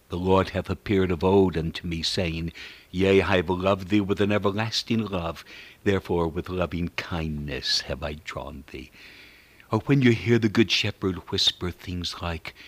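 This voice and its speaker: A man preaching a sermon in an earnest, measured way, reciting scripture as he goes. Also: on the low side, fairly bright tone, no echo.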